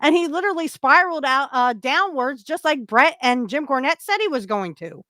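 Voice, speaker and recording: A woman's voice: high voice, expressive, normal speed, sharp tone, no echo, clean studio sound. A woman hosting a casual podcast chat, talking bluntly with frequent swearing and laughter. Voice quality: profane, blunt, laughs often.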